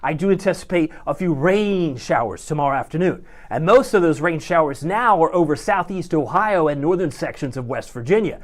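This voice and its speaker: A man's voice: on the high side, animated, brisk, hardly any pauses. A middle-aged man, a chief meteorologist, presenting a live weather broadcast in a folksy, chatty way with jokey asides.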